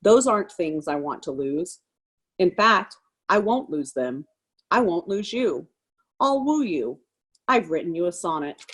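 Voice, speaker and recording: A wounded wife hides her pain behind jokes and sarcasm, as a woman reads her monologue cold. The voice sits fairly low. The delivery is wry and defiant. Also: expressive, measured pace, breathy edge. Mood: hurt, softening. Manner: sarcastic, forced laughter over pain. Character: hurt, joking wife refusing a divorce. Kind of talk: reading a stage monologue cold.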